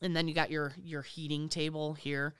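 A woman co-hosting a casual podcast, telling animated stories, acting out the people in them and laughing often. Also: low voice, normal speed, clean tone, dry recording, clean studio sound. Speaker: podcast co-host. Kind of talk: casual chat.

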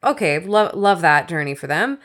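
Wry, low-voiced woman giving opinions. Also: big pitch swings, normal speed, fairly bright tone. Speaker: podcast co-host. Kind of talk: casual movie discussion.

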